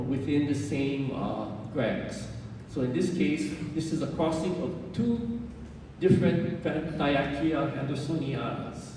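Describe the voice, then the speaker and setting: A man giving a club presentation, explaining things in an unhurried way with fillers and self-corrections. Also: warm tone. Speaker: orchid society speaker. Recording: roomy hall, distant mic, faint rumble.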